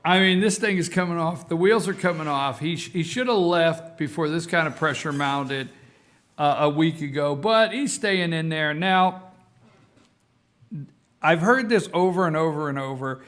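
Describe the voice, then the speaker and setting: A man's voice: a little high, normal speed. A man hosting a talk show, giving casual political commentary and repeating himself for emphasis. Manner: animated, repeats himself for emphasis, addresses folks.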